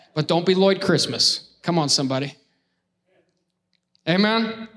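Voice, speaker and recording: A male pastor with a notably high voice delivers an animated, joking sermon. He keeps prodding the congregation to answer him back, moving between playful banter and earnest preaching. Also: takes it slowly. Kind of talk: lively sermon with crowd call-outs.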